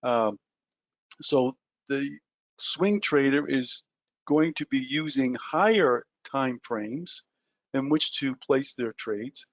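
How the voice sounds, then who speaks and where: A man's voice: medium pitch, takes it slowly, highs cut off. Chatty man teaching a trading webinar. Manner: loose and chatty, many ums and uhs, self-mocking jokes. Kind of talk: explaining at a whiteboard in a webinar.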